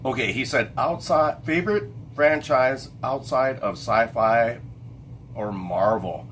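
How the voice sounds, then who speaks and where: A man's voice: medium pitch, slow, a bit bright, a little hiss or hum. A middle-aged man hosting a casual late-night livestream chat, rambling and stopping to hunt for names with lots of fillers and restarts. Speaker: livestream host.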